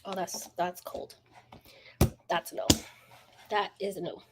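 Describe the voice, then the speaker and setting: A woman's voice: fairly low pitch, level tone, unhurried, background noise. A woman hosting a casual book livestream, chatting to viewers, greeting them by name and laughing often. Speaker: book channel host.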